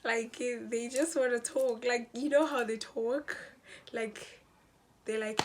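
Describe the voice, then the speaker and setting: A woman's voice: a little high, steady tone, takes it slowly, noisy background. A young woman tells a dramatic storytime vlog, talking to her viewers as guys and mixing in slang. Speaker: vlogger.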